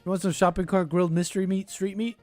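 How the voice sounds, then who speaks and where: A man hosting a call-in podcast reacts to a clip with sarcastic, rambling commentary, thinking aloud as he goes. His high, slightly mellow voice keeps a level tone and moves fast, with no room sound and faint music behind him.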